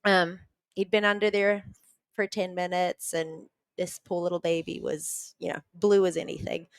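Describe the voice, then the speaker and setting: Podcast guest, female; clear resonant voice, dry close sound, conversational storyteller. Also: lowish voice, little pitch movement, moderate pace, no echo. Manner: vivid retelling, frequent "like" fillers.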